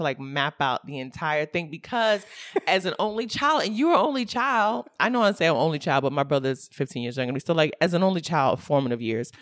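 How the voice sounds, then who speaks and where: A woman with a somewhat low voice, talking casually with a friend. She tells her stories in an animated, chatty way, full of quick asides. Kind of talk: casual chat.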